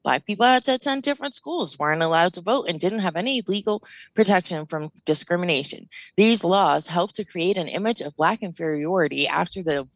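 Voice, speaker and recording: A woman's voice: on the low side, lively intonation, brisk, dry recording, poor audio. A woman co-hosting a podcast, laughing often as she reads out comments in casual chat. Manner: giggly, reads comments aloud. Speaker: podcast co-host reading comments.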